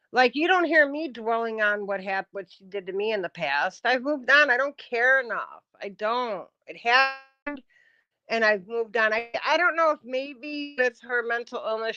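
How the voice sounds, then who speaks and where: A woman's voice: a little high, sharp tone, no room sound, dull audio. Combative profane woman ranting on stream. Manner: combative, profane, talking back to chat. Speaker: livestreamer. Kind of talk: casual livestream rant.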